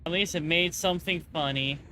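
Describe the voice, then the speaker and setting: A woman's voice: lowish voice, fairly quick, slight background noise. A young woman streaming a game, chatting casually with friends and chat, joking and swearing as she plays. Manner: profane, joking, reacts loudly to game alerts.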